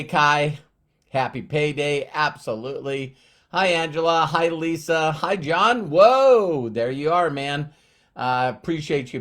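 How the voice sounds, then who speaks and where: A man in his fifties hosting a live-streamed motivational talk, upbeat and rambling, with many fillers and restarts. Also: mid-range voice. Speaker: network marketing presenter.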